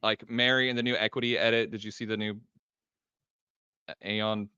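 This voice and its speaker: Bright-voiced laid-back man, dry sound. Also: lowish voice, level tone, moderate pace, clean tone, no echo, muffled recording. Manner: laid-back, drops to mumbles, swears casually. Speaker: guest. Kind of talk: casual live-stream chat.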